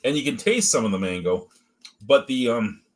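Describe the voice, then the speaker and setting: The man's mid-range voice has lively intonation and a normal speed. Hosting a casual beer review, he gives a chatty running commentary on smells and flavors, with plenty of profanity and jokes.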